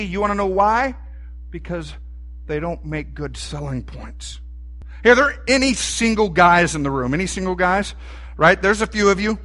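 A man delivers a sermon in a folksy, lively way, asking his listeners questions as he goes. His voice sits high for a man and sounds bright. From Texas. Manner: folksy and animated, asks the room questions. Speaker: preacher.

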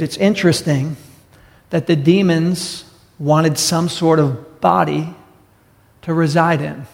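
A man preaching in a church sanctuary, his somewhat high voice carried on a long hall reverb. He is a pastor in full sermon mode, direct and emphatic, and he keeps putting rhetorical questions to the congregation. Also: fairly even intonation, slow pace, creaky, long pauses.

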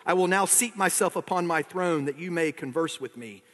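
A man's voice: fairly high pitch, moderate pace, fairly bright tone, long reverb tail. A man voicing the wizard Oz, a solemn, grand voice that turns into a trembling little old man. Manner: solemn pronouncements, then trembling pleading. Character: booming wizard turned timid old man.

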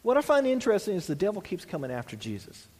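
A man's voice: high voice, wildly swooping pitch, fast talker, a little mellow, big-room sound. A man preaching a sermon as a pastor, earnest, restarting phrases and dropping in "you know" asides.

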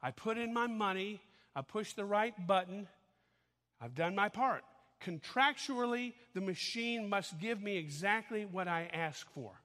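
A pastor, out of breath after dancing, preaches in a conversational style and keeps asking his listeners to follow along. His voice sits high, bright, and forceful, animated but a little slow, with a big-room sound.

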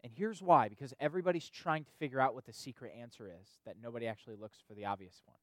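A pastor or youth leader with a mid-range, somewhat bright voice speaks quickly in a dry recording. He preaches in an easygoing way, often checking "right?" and repeating things for emphasis.

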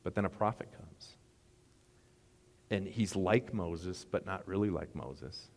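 A man's voice: low voice, slow, darkish tone, long reverb tail. A middle-aged man preaching a sermon as pastor, rambling and conversational with asides.

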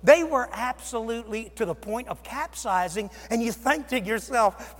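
A male pastor preaching a sermon, with dramatic swings from loud exclamations to hushed near-whispers. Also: very high voice, animated, normal speed, hardly any pauses. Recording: long reverb of a large hall.

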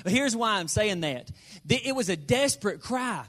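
A man delivers a sermon in a folksy, joking way. His voice sits high. He slows right down when he wants a number or a point to land. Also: very animated, a bit bright. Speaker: pastor.

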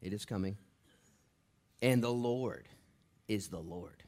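A middle-aged pastor preaching a sermon, swinging from loud bursts to quiet, hushed asides. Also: male voice, lowish voice, slow pace.

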